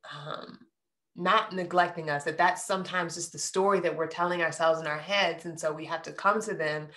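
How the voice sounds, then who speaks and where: A woman giving a general tarot reading to her viewers, earnest and heartfelt, often checking in with "right?" and soft hums between thoughts. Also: lowish voice, steady tone, moderate pace. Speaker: tarot reader.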